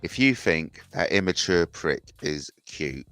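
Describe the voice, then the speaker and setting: A man with a lowish voice rants slowly, mocking and swearing as he circles back over the same jabs. Faint music sits behind him. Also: lively intonation, a bit bright, dry recording. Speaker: host. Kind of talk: rambling solo livestream rant.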